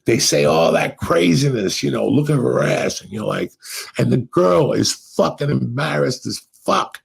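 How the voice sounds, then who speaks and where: A middle-aged man hosting a podcast, telling stories in a profane, animated way and acting out what people said. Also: medium pitch, normal speed, creaky, slightly rough. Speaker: podcast host. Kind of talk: casual storytelling chat.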